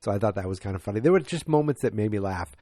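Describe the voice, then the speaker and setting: Tired male podcast host, low voice, close and dry, rambling casual recap with faint music behind. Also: animated, racing, warm tone, no room sound. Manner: rambling, many fillers and restarts; acts out quoted lines in a raised voice. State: tired, yawning.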